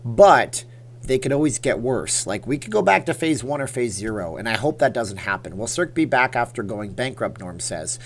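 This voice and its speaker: A man's voice: medium pitch, slight background noise. Chatty, rambling male livestream host. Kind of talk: casual livestream chat answering viewer comments.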